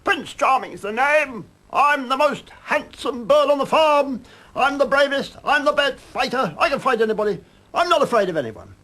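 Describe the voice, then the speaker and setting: A man's voice: animated, measured pace, hardly any pauses, heavily acted. An old man crowing as a cocky little bantam rooster. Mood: boastful crowing. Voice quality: high, crowing and shouting.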